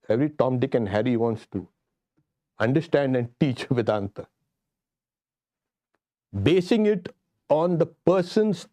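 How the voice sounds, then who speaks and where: Lively swami teaching scripture. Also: male voice, medium pitch, dry recording. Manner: lively, acts out quotes, laughs often. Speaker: swami teaching a Vedanta class. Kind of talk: scripture class lecture.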